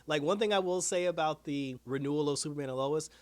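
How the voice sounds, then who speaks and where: A man hosting a casual TV episode review, retelling scenes in an animated way with quoted dialogue and frequent laughs. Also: on the high side, quick pace. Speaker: TV review host.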